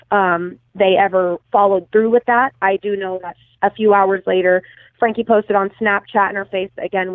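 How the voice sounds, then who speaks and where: A woman's voice: mid-range voice, no room sound. A woman telling a long story as an interview guest, casual and profane, full of fillers and self-corrections. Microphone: phone call. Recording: tinny dry phone line.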